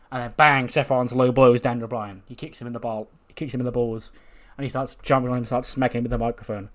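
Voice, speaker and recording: A man narrating his wrestling management game, recounting the action quickly and excitedly with casual swearing. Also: medium pitch. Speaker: game commentator. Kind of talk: let's play narration.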